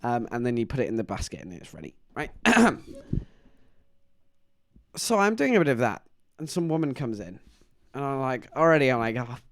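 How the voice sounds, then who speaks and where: A man chatting on a live stream, his pitch bouncing up and down as he rambles through stories. His voice sits in the middle of the range. The sound is dry and close, with no room echo. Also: normal speed, long pauses. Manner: rambling, animated storytelling with frequent laughs. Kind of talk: casual live-stream chat.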